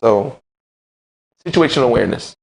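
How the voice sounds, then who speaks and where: A man in a casual live-stream conversation, relaxed and talkative, who often restarts and repeats his words. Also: mid-range voice, normal speed, vocal fry.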